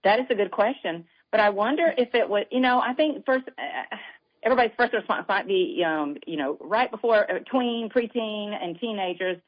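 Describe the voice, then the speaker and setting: A woman's voice: mid-range voice, moderate pace. An older woman with a Southern accent, a guest author chatting casually and telling family stories. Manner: warm storytelling. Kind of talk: casual chat. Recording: dull lo-fi sound.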